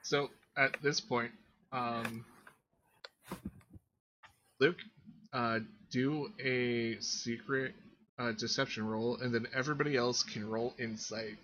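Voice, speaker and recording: A man running a tabletop game as game master, talking in a relaxed, loose way. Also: medium pitch, takes it slowly, pauses often, a little hiss or hum. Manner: relaxed, loose, full of fillers. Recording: dull lo-fi mic.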